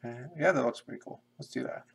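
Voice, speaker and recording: A young man casually talking to himself in a flat monotone while drawing pixel art on a live stream. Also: mid-range voice, fast, vocal fry, breathy edge. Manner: mumbling to himself, self-described monotone. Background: keyboard typing and clicking.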